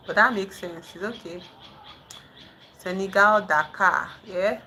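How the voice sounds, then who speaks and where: A woman casually chatting on a livestream with viewers, haltingly trying out French phrases. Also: medium pitch, sharp tone, slight background noise, poor audio. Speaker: livestream host. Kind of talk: casual live chat with viewers. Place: indoors in the dark at night.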